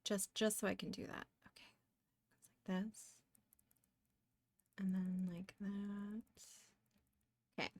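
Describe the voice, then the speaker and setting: A woman's voice: mid-range voice, takes it slowly, pauses often, no echo. Chatty woman streamer, dry close mic. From Canada. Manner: chatty, distracted, bursts of excited exclamations. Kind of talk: casual live-stream chat while drawing.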